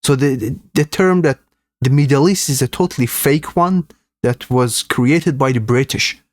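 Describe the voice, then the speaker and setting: A man's voice: mid-range voice, normal speed, dry recording. A man hosting a live reaction stream, commenting earnestly and indignantly to his viewers.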